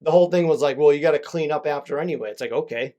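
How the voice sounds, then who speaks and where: A man's voice: a little high, rapid-fire, dark tone, dull audio. Young male podcast host, casual solo monologue, rambling, self-deprecating, swears freely.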